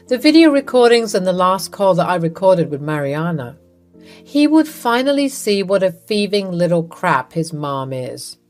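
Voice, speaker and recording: Woman narrating a drama story. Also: lowish voice.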